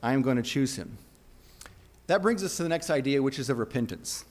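A man's voice: mid-range voice, animated, brisk, darkish tone. A man preaching a sermon in an earnest, conversational way, often restarting his phrases. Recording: long reverb of a hall.

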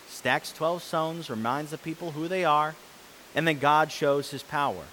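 A man preaching a sermon, reading scripture and explaining it, who swings between loud, forceful passages and soft, quiet ones. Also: fairly high pitch, a little slow, slight background noise, low-quality recording.

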